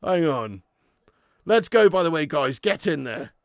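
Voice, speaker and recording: Lad yelling and swearing thru a footy watch-along, gravelly crackle in his voice, totally dry sound. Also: a little high, measured pace, no echo. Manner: excitable, sweary, shouts at the screen; reads out and answers viewer chat. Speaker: watch-along streamer host. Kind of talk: live football watch-along commentary.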